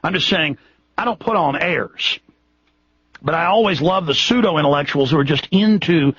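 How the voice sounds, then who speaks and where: A man's voice: a little high, moderate pace, a bit bright, husky, no echo, highs cut off. A Texan man hosting a radio show, talking in an impassioned, rambling way with frequent restarts. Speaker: radio host. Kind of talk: radio monologue.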